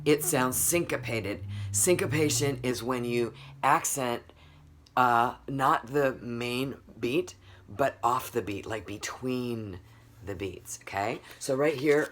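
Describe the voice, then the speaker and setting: A woman's voice: rumbling low, a little slow, a little hiss or hum. A woman music teacher giving a recorded lesson for children, patiently counting beats aloud and quizzing the class as she goes.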